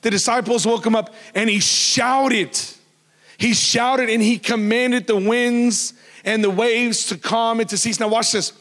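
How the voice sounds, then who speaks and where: Speaking a little slowly, a male pastor preaches loudly and animatedly, his voice pitched high for a man. The long reverb of the church hall carries his sermon as he trades easy jokes with the congregation.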